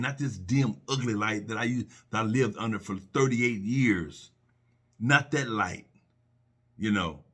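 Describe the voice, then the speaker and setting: Husky middle-aged man, earnest and preachy, personal reflection, mid pitch. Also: fairly bright tone. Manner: earnest, repetitive, preachy with restarts and rhetorical questions. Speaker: speaker sharing personal faith reflections.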